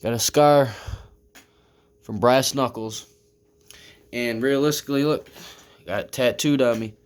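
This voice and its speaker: A man's voice: medium pitch, measured pace, clear, resonant tone. Rambling, swearing man telling a street story. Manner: rambling, swearing, many "I mean" and "you know what I'm saying" fillers. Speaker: vlogger. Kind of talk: casual storytelling to camera. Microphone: camera, talking to viewers.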